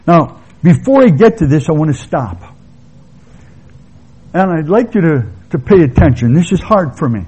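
Husky, mellow-voiced male preacher. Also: on the high side, sing-song, rough recording. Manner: conversational, pausing to restate points. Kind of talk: expository sermon.

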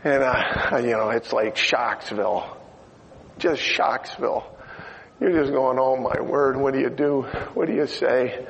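A man's voice: mid-range voice, fairly even intonation, a little slow, vocal fry. An older man preaching a sermon. He tells an emotional story and turns to ask his listeners things. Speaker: pastor. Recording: lo-fi recording in a reverberant hall, faint noise.

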